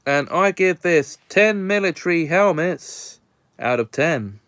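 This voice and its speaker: Slow, smooth-voiced British man. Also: fairly high pitch, lively intonation, a bit bright, no echo, clean studio sound. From Britain. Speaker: film reviewer. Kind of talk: casual film review.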